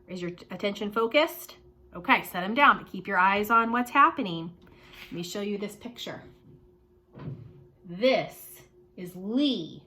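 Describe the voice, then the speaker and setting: Bright, animated preschool teacher woman. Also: mid-range voice, a little hiss or hum. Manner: animated, sing-song, playful exclamations. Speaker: early childhood teacher. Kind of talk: lesson for young children.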